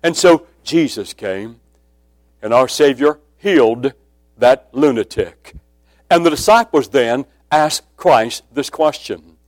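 A man preaching a sermon with a personal testimony, speaking emphatically and dropping to a hushed voice when quoting. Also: mid-range voice, expressive, takes it slowly, no room sound.

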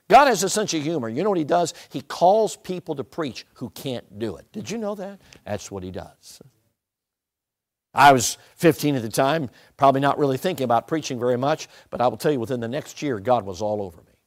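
Soft-then-loud storytelling male preacher. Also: medium pitch. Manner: conversational, asks the audience questions, swings between soft and loud. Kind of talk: storytelling sermon. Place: church or meeting room with an audience.

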